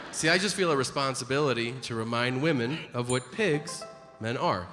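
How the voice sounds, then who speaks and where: A man's voice: mid-range voice, brisk, long reverb tail, over loud music. A man performing a stand-up comedy set, telling a story with profane, incredulous asides and acted-out quotes.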